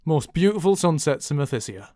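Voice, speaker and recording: A man voicing a gallant male centaur with a low, warm voice and a light Northern English accent, swallowing some consonants. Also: sing-song, fairly quick, no echo, clean studio sound. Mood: gallant, friendly. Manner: dropped consonants, low and easygoing.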